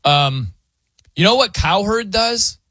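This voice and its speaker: A man's voice: sits high, animated, slow, sharp tone, no echo. A man hosting a radio show, chatting casually, laughing often and mimicking how other people pronounce words. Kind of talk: casual studio banter.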